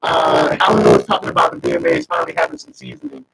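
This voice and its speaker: A man talking casually as a guest through a robot voice filter, slangy and animated, quoting himself in asides. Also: rumbling low, quick pace, creaky, far from the mic, very noisy. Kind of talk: casual livestream chat.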